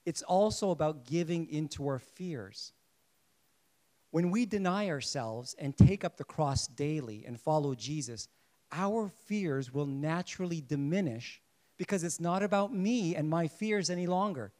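A man preaching a sermon to a congregation in a lively way, asking them questions and joking along the way. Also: on the high side, measured pace. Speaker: pastor.

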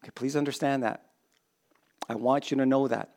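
A man's voice: mid-range voice, fairly even intonation, brisk, darkish tone. A man preaching a sermon to a congregation in a conversational way, joking with people in the front rows. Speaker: pastor.

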